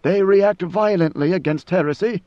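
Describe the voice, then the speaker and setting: An ancient god-emperor speaks in slow, grave, measured tones, as a male reader puts him on. The voice sits a little high and carries a dull, lo-fi sound. The recording is dry. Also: dry recording, natural voice. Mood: solemn. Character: ancient godlike male emperor, calm, solemn.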